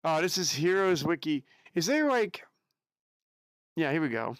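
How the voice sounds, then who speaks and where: A man's voice: on the high side, big pitch swings, a little slow, no echo. A man from the United States chatting casually with his live-stream audience in a chatty, giggly way, with an unusual voice. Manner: chatty, giggly, reacts to chat.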